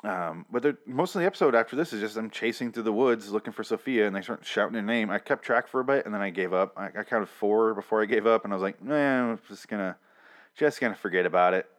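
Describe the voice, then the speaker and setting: A man's voice: lowish voice, quick pace. A man casually recapping a TV episode, with blunt, profane rants.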